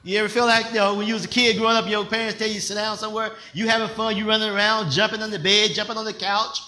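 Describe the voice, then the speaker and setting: An older man, a pastor, preaching in a conversational style with call-and-response questions, rising at times to shouts. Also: high voice, flat delivery, fast talker, echoey room. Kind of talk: sermon.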